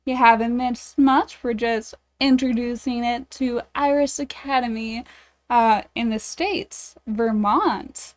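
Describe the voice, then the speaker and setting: A woman's voice: on the high side, fairly even intonation, slow pace. A woman streaming a dating game, reading it aloud and chatting with her viewers in a bubbly, giggly, self-deprecating way.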